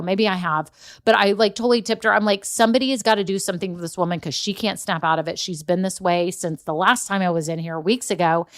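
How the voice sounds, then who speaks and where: A woman's voice: mid-range voice, a bit bright. Chatty woman telling stories. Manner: chatty storytelling, laughs often, frequent direct asides. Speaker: podcast host and business coach. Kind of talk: solo podcast monologue.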